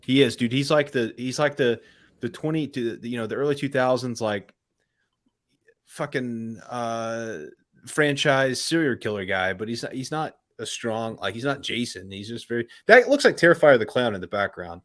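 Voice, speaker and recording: A man's voice: mid-range voice, expressive, normal speed, a bit bright. A man co-hosting a movie watch-party stream, chatting casually, swearing freely and calling everyone dude and man. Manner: laid-back, swears casually, says "dude" and "man" a lot. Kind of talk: casual chat over a movie.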